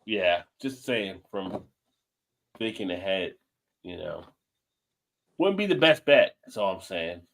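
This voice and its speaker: A man's voice: low voice, expressive, slow pace, creaky, long pauses, fairly bright tone. A man hosting a casual live-stream chat over a video call, joking around a little buzzed and reading out viewer comments. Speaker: host.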